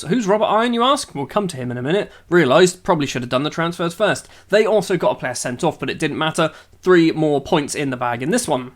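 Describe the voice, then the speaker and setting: A young man casually talking through his football management game, dry and sarcastic. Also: a little high. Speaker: gaming YouTuber.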